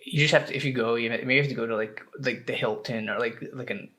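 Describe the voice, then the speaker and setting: A man's voice: mid-range voice, steady tone, quick pace, pushed and bright. A young adult man, a podcast co-host, chatting loosely and rambling, with casual swearing. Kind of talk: casual chat.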